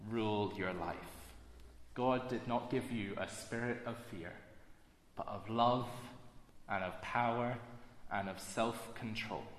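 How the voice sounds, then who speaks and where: A man preaching a sermon in an earnest, measured way, slowing down to stress key phrases. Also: on the low side, slight background noise. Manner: earnest, measured delivery with slow emphatic phrases. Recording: echoey hall with long reverb.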